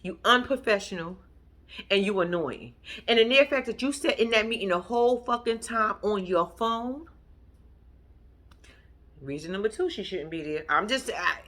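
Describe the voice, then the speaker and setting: A medium-pitched female voice at normal speed. This vlog host tells the story of a TV episode to her viewers, animated and foul-mouthed, breaking into laughter and addressing them as "y'all."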